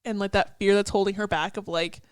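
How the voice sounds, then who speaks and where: A young woman in casual podcast chat, chatty and loose, leaning on "like" fillers and quick laughs. Her voice sits at a middle pitch and sounds close and dry, with no room around it. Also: fairly even intonation, clean tone, dry recording. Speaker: podcast co-host. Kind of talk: casual chat analyzing song lyrics.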